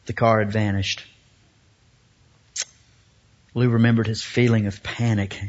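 A man preaching a sermon, telling a story slowly with dramatic pauses before turning to scripture. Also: mid-range voice. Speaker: pastor. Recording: dull lo-fi recording.

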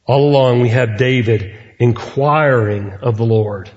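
A middle-aged man preaching a sermon as a pastor, earnest and deliberate, with measured pauses. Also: medium pitch, darkish tone. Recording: reverberant hall, muffled sound.

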